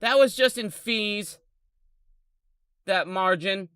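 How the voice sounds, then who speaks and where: A man's voice: sits high, slow pace, pushed and bright, clean tone, no room sound, clean studio sound. A man in his thirties ranting on a live stream, angry and heavily profane. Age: 30s.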